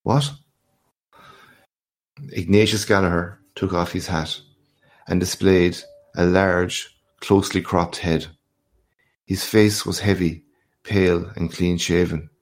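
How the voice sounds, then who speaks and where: A man narrating a classic short story in a measured, unhurried audiobook reading. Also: low voice, little pitch movement.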